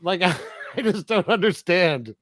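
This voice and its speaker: A man's voice: high-pitched, animated, moderate pace, fairly bright tone, no echo. Chatty man, dry close sound. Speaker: podcast co-host. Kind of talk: casual chat.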